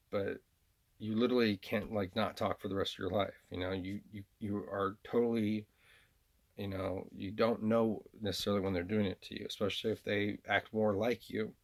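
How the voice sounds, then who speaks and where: A man's voice: lowish voice, steady tone, normal speed. A man from the American South talking in a rambling personal monologue, hesitant, repeating himself with lots of fillers and restarts. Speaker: vlogger.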